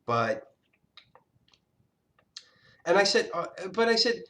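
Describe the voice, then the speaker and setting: A man with a fairly high voice delivers an angry, swear-filled rant. He tells a personal story and often trips over himself and restarts his sentences. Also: very animated, slow, pauses often, a bit bright. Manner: angry, profane ranting; scattered, with frequent restarts. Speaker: vlogger. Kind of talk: casual storytelling monologue.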